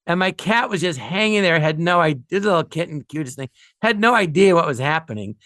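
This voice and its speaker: A man's voice: on the high side, animated, brisk, a bit bright, no room sound, clean studio sound. A man telling rambling, funny anecdotes as a guest, often laughing at his own stories. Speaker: guest storyteller.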